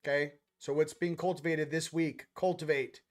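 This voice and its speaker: A man's voice: fairly high pitch, steady tone, moderate pace. A man hosting a casual spiritual chat show, rambling between topics in a slangy, offhand way. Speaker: host.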